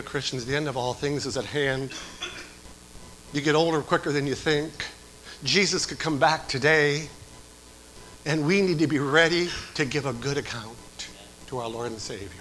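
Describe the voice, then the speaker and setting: A middle-aged pastor preaches with a bright, ringing voice pitched a little high. He drops low and quiet, then climbs into shouted calls to his flock. A faint hiss sits under the recording. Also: rough recording. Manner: swings from quiet to shouting exhortation. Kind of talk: sermon.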